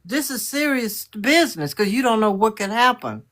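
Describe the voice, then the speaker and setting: Woman caller, high bright voice, firm motherly scold. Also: big pitch swings, normal speed. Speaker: caller on a livestream. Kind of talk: casual chat.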